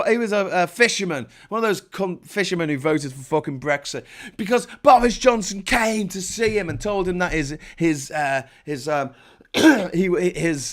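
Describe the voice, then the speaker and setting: A man in his forties delivers an angry, expletive-heavy political rant on his live stream. His voice sits a little high for a man and keeps climbing as his temper rises. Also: fairly bright tone. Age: 40s. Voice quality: profane, heated. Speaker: livestream host.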